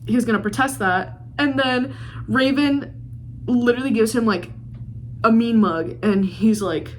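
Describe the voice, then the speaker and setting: A woman's voice: on the high side, unhurried, slight background noise. A young woman book vlogger recapping a fantasy novel in casual, gushing chat full of fillers. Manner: gushing, chatty, full of "like" and "literally". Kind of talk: casual reading vlog chat.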